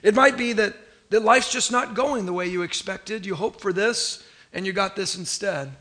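A pastor from Northern California delivers a sermon in a noticeably high voice for a man. He talks casually but with emphasis, often repeats his phrases, and calls on the congregation to respond. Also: moderate pace, sharp tone.

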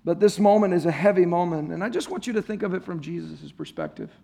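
High-voiced pastor preaching casually. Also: male voice, quick pace, vocal fry, dark tone. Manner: conversational and playful, jokes with the congregation. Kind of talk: sermon. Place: church service before a congregation.

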